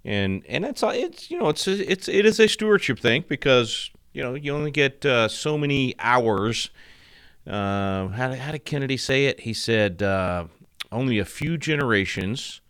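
A man's voice: mid-range voice, very animated, normal speed, a bit bright, clear, resonant tone, no echo, clean studio sound. A middle-aged man hosting a radio talk show, rambling through his points with many restarts and fillers. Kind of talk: casual radio commentary.

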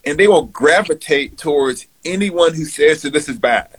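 A man's voice: fairly high pitch, moderate pace, husky, poor audio. A man speaking earnestly in a played clip about faith and justice. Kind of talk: public talk on faith.

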